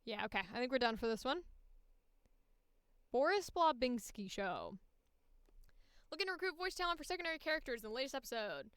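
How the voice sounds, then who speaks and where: A woman's voice: sits high, big pitch swings, brisk, pauses often, clear, resonant tone, no room sound, studio quality. A woman voice actor chatting casually on a livestream, reading casting briefs aloud with playful asides.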